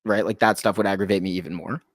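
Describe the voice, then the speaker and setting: A man's voice: low voice, steady tone, fast talker, dry recording, studio quality. A man in his thirties from Canada, a guest actor telling rambling, self-deprecating stories in casual chat and acting out what others said. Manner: rambling self-deprecating storyteller who acts out quotes.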